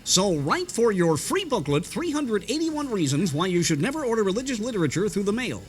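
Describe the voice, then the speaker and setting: A man's voice: high voice, big pitch swings, voice pushed up. A man imitating a male radio preacher with a theatrical, stretched rubber-band delivery, recorded in a restaurant. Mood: sign-off. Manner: stretched rubber-band intonation, drawn-out words.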